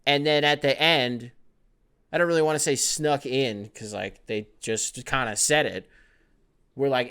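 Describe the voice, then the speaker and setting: Host for a sports podcast: man, smooth clear voice, loose and profane, riffs and jokes. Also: medium pitch, a little slow, pushed and bright. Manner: profane, rambling, joking, mocks athletes with put-on voices. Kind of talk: casual sports podcast monologue.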